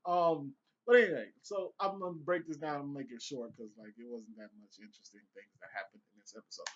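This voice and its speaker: A man's voice: fairly high pitch, fast, highs cut off, a little hiss or hum. A young man giving casual, profane, rambling commentary on a TV episode he just watched, with laughing asides. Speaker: vlogger reviewing a TV episode.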